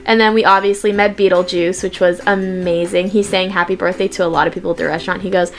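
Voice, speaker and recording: A young woman vlogger chatting casually to camera, telling stories and quoting people in lively voices. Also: lowish voice, fast, few pauses, faint music behind.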